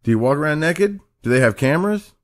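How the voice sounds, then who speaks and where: A man with a slightly high, very lively voice tells a crude story on a podcast. He rambles from one thought to the next, swears freely and laughs through his own punchlines. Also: fast. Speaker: podcast host. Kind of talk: casual chat, crude storytelling.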